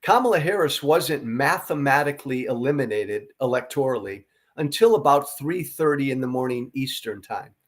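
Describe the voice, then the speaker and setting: A man's voice: medium pitch, expressive, moderate pace. A tired middle-aged man hosting a political commentary monologue, earnest, emphatic and blunt, with occasional profanity. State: tired from no sleep. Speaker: podcast host.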